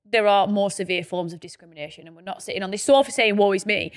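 A woman in her thirties with a Burnley accent, co-hosting a casual podcast and chatting with quick interjections. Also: medium pitch. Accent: Burnley, Lancashire. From Burnley, England. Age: 30s. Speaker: podcast co-host. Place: indoors on a sofa.

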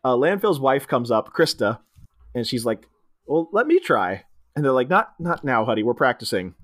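A man casually recapping a film on a podcast, quoting characters in quick put-on voices. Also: mid-range voice, big pitch swings, a bit bright. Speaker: podcast co-host. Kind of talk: casual movie recap chat.

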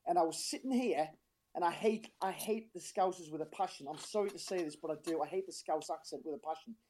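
A man's voice: a little high, fast talker, a little mellow, slight background noise. A man calling in as a football fan, talking in a passionate, frustrated, rambling way with a strained voice. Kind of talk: casual phone-in chat.

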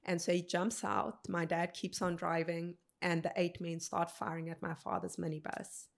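A woman in her thirties, a podcast guest telling a personal story in an earnest, unhurried way. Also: lowish voice, level tone, vocal fry. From South Africa. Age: 30s.

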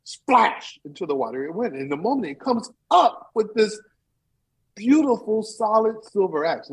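A man who is a storyteller and teaching artist, talking in an interview and performing a tale in an animated, playful way. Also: on the high side, breathy edge, poor audio. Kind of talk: interview chat and live storytelling.

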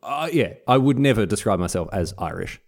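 A man's voice: on the low side, expressive, fairly quick. A man, co-hosting a casual podcast, joking with playful sarcasm and mock-naive questions. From Australia. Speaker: podcast co-host. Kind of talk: casual chat.

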